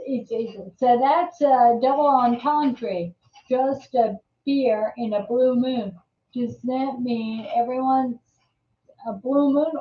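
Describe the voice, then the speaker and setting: Woman host, slow and meandering, a bit high, on dull lo-fi audio. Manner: rambling, many restarts and fillers. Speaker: live show host. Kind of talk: casual live-stream chat. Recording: roomy, distant, dull audio.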